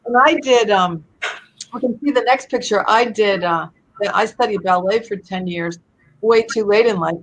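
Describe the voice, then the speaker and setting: A woman guest on a webinar, telling stories in a bubbly, animated way over a video call. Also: fairly high pitch, poor audio. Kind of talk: casual storytelling chat.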